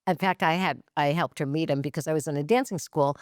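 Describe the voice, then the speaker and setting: A woman therapist from Massachusetts, a guest on a podcast, who talks in an animated, laughing way and tells stories with enthusiasm. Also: sits low, quick pace, no echo, clean studio sound. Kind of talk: casual podcast interview.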